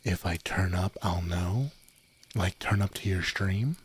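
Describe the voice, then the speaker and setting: Soft-spoken young man with a very deep voice. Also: a little slow, husky. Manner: rambling, giggly, drifts into whispers. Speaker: streamer. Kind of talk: soft-spoken late-night stream chat. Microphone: desk microphone, no windscreen.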